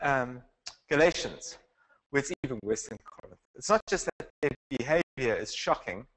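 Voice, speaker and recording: A man's voice: mid-range voice, poor audio. A man teaching a Bible class in a conversational lecture style, asking the class questions and restarting his sentences. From South Africa.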